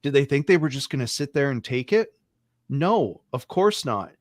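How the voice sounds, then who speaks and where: A man's voice: medium pitch, big pitch swings, normal speed, dry recording, clean studio sound. A man guesting on a political discussion, arguing through a stream of pointed rhetorical questions. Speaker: podcast guest.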